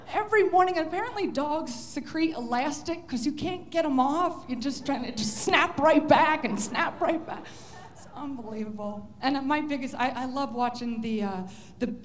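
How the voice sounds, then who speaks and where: A woman's voice: sits high, a little hiss or hum. A woman stand-up comedian telling pet jokes in a chatty, self-interrupting way, often laughing.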